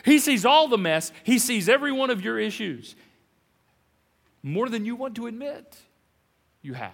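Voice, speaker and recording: A man preaching a sermon as pastor, animated and playful, swinging between loud emphasis and hushed lines. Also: very high-pitched, moderate pace, vocal fry, long reverb tail. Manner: playful, jokey asides.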